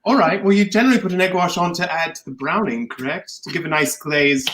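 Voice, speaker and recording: A man guesting on a casual video-call chat, answering in a brisk, matter-of-fact way. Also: a little high, background noise.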